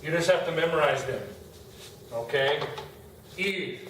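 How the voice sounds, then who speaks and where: A man's voice: on the high side, unhurried, a bit bright. A middle-aged man teaching Spanish grammar in a classroom, talking casually as he writes on the board. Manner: casual, talks while writing on a board. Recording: echoey room, far from the mic, faint noise.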